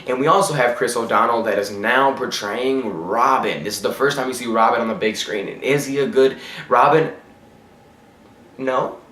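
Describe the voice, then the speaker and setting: A man's voice: mid-range voice, moderate pace, fairly bright tone, roomy sound. A man giving a casual, opinionated film review. He talks bluntly and rants, often stumbling and restarting his words. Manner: blunt, ranting, trips over words. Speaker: movie reviewer.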